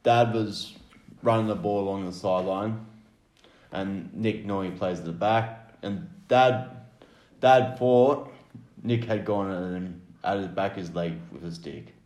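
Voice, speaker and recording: A man's voice: on the low side, a little slow, darkish tone. A man telling stories in a podcast chat, rambling and restarting his sentences. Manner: rambling storyteller, restarts a lot. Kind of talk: casual chat. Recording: roomy echo.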